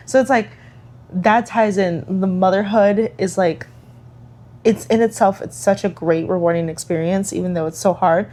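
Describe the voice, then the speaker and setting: A woman's voice: medium pitch, steady tone, normal speed, darkish tone. A woman co-hosting a casual podcast about motherhood, talking in a reflective, earnest way with many fillers. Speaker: podcast co-host. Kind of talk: casual chat.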